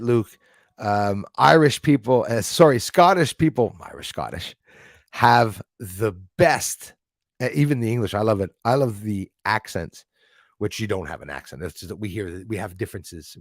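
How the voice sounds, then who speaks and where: A man's voice: on the low side, no echo, clean studio sound. A man hosting a casual live stream, rambling as he reads out and thanks viewers in the chat. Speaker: livestream host.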